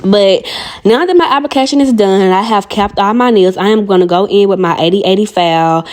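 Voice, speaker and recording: A young woman with a Southern country accent from Arkansas, chatting fast and slangy to viewers as she does her own nails. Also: medium pitch, darkish tone. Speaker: nail vlogger. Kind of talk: casual voice-over tutorial chat.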